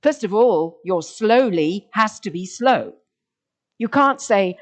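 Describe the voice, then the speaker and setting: Slow, expressive woman lecturing. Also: medium pitch. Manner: expressive, sounding out rhythm of words; asks listeners rhetorical questions. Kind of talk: lecture with dramatic read-aloud passages.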